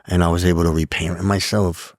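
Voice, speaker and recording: A man's voice: low voice, little pitch movement, fast talker, dry recording, studio quality. A man in his forties with a New York accent, a podcast guest talking casually and calling everyone bro. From New York City. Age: 40s. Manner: streetwise, peppers talk with "bro" and "dude". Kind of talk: casual chat.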